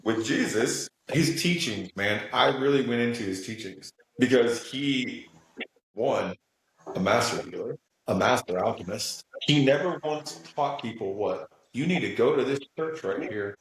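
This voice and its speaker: A man's voice: mid-range voice, moderate pace, a little hiss or hum. A man speaking as a guest in a spiritual interview, earnest and emphatic, often checking in with "right?". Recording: very echoey room.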